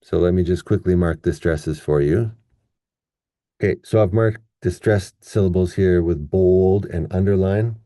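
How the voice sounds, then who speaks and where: A man gives a patient, playful pronunciation lesson. His voice sits low and sounds very dark and mellow. He talks at an unhurried pace. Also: dry recording, clean studio sound. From Canada. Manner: patient, playful, drawn-out demonstration words. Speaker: English pronunciation teacher.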